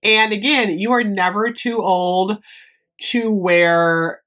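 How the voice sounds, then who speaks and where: A woman's voice: medium pitch, takes it slowly, fairly bright tone. Woman, fifties, chatty unboxing vlogger, gushing, lots of ums. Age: 50s. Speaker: beauty vlogger. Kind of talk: casual product unboxing.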